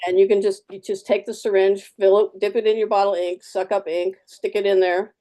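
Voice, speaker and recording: A woman's voice: mid-range voice, flat delivery, brisk, mellow. A woman artist giving a live fountain pen demo, chatty and practical, repeating key words for emphasis. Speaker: artist demonstrating fountain pens.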